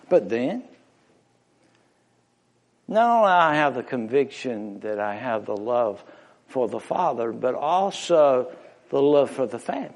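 A man preaching a sermon to a congregation in a church, impassioned, swinging from loud emphatic rises to hushed near-whispers. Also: medium pitch, expressive, unhurried. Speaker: pastor. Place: church sanctuary before a congregation. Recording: long reverb of a large hall.

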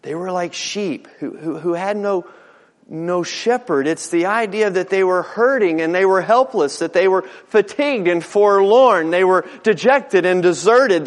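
A middle-aged man preaching a sermon as a pastor, folksy and earnest, often repeating words and stacking alliterative phrases. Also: sits high. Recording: long hall reverb.

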